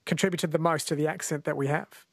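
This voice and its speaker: A man from New Zealand hosts a radio talk show, speaking at a slightly raised pitch. He chats easily and tends to ask long, winding questions. The sound is very dry and close. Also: fairly even intonation, quick pace, vocal fry, fairly bright tone, no room sound. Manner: chatty, asks long rambling questions. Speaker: radio host.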